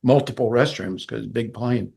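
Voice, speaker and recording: Gravelly older man telling a story. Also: mid-range voice, normal speed. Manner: animated, vivid storyteller who acts out quoted people. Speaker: guest musician. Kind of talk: casual storytelling in an interview.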